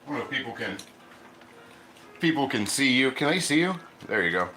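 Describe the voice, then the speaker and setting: A man's voice: mid-range voice, sing-song, a little fast, pauses often, reverberant, noisy background. A man hosting a casual cooking livestream, chatting loosely and eating as he talks. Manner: chatty, rambling, eats while talking.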